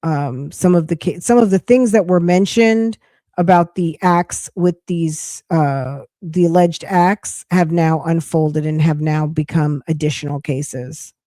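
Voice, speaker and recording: A woman hosts a chatty live podcast, her voice getting hoarse. Her tone is low and mellow, and she rambles and restarts as she talks. The sound is dry and close. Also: a little slow, no echo. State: losing her voice. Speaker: podcast host. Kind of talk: casual live-stream chat.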